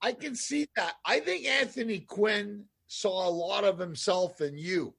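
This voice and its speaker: A man's voice: high-pitched, measured pace, vocal fry, a bit bright, breathy edge, no echo, studio quality. A man hosting a casual chat, chiming in to encourage the guest. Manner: supportive interjections.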